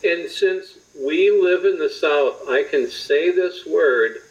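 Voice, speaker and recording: A man's voice: fairly high pitch, slow pace, lo-fi sound. A man from Wisconsin co-hosting a casual family podcast chat, telling playful stories. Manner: animated, playful storyteller. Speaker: podcast co-host.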